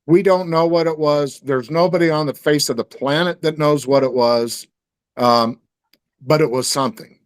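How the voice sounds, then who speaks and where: A man's voice: a little high, normal speed, clear, resonant tone, no echo. A man telling a story in casual conversation, rambling, with many fillers and restarts. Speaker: guest.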